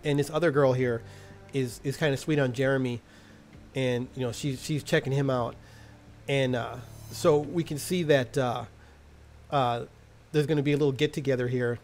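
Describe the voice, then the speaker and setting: A man's voice: medium pitch, fairly even intonation, moderate pace, a little mellow. Slangy, joking male TV recapper. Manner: slangy, crude and jokey. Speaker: TV episode reviewer. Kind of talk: casual recap.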